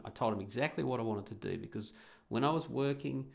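A man's voice: mid-range voice, fast, vocal fry. A middle-aged man telling a casual anecdote in a blunt, profane, emphatic way. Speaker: storyteller.

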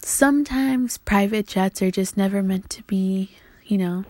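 A woman's voice: mid-range voice, a little slow, warm tone, no echo. Woman podcaster in her twenties, casual rambling, curses a lot, slips into whispers, dry room. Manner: rambling, sweary, drifting into whispers. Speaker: podcast host. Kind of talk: casual solo podcast monologue.

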